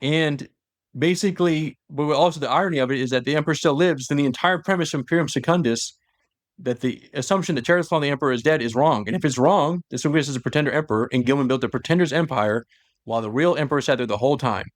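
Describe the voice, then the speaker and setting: A man's voice: on the high side, fast talker, no echo, studio quality. A young man co-hosting a podcast, retelling a story in a loose, rambling way with asides. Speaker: podcast co-host. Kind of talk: casual chat retelling a story.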